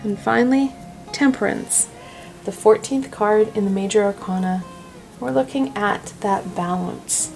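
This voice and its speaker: Gentle woman giving a tarot reading. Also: mid-range voice, rough recording. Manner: gentle, reassuring, chatty. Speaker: tarot reader. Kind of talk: weekly tarot reading vlog.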